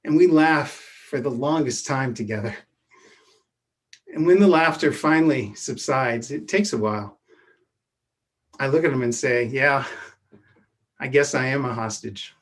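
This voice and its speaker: A man telling a true personal story from his youth, in a measured way that often drops to a hushed voice. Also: mid-range voice. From Edwardsville, Illinois.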